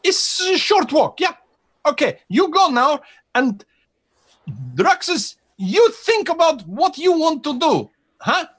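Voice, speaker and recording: A man voicing an excitable, scheming male carnival showman in a tabletop game, with high, clipped, broken phrasing. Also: slow, exaggerated voice.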